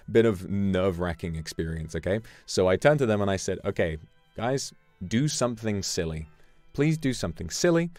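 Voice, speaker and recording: A man streamer chatting casually, telling an animated story with sudden jumps in pitch. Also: dry recording. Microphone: streaming microphone. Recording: dry close mic, faint music behind.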